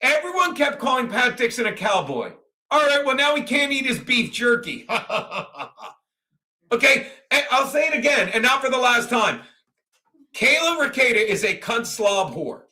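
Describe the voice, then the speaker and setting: A man's voice: extremely high pitch, big pitch swings, normal speed, pushed and bright. A man hosting a livestream, ranting crudely and rambling, laughing often as he reads chat. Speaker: livestream host. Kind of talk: profane livestream rant and chat.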